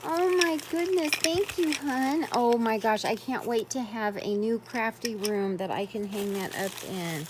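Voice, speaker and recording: A woman's voice: mid-range voice, unhurried, hardly any pauses, noisy background. A woman vlogging as she unboxes a craft swap, gushing with effusive exclamations in casual chat.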